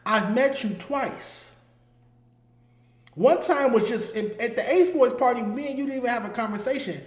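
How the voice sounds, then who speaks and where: Speaking at a moderate pace with an extremely high pitch, a male host delivers solo commentary in a roomy-sounding space. His tone is heated and emphatic, and he repeats himself to drive each point home.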